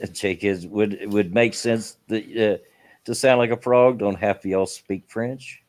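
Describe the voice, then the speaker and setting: Joking man, lowish voice. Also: fairly even intonation, unhurried, a little mellow. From southern United States. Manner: joking, laughs between lines. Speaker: show host reading the chat. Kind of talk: casual podcast chat.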